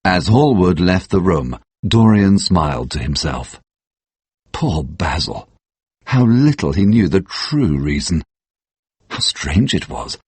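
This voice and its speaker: Deep husky male story narrator. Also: sing-song, measured pace, darkish tone, no room sound. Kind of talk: scripted story narration for English learners.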